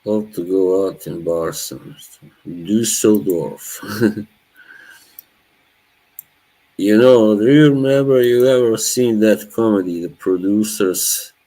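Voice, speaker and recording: A man's voice: lowish voice, takes it slowly, pauses often, mellow, rough recording. A man, chatting casually with his live chat as a streamer, laughing often. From Bosnia. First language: Norwegian. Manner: laid-back, laughs often, chats to viewers.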